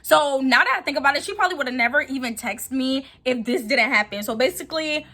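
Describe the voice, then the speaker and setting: Young woman vlogging a storytime, slangy and animated, kinda high voice. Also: quick pace. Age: young adult. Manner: animated, slangy, acts out quotes. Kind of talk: casual storytime.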